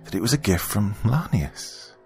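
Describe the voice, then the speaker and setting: A tearful young woman, her voice soft and raised a little from a low base, as a male narrator puts her on. She sounds hurt and bitter as she speaks in this storybook reading, with faint music underneath. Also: lively intonation, moderate pace, vocal fry. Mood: explaining. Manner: soft, grieving, resentful. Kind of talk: audiobook character voice.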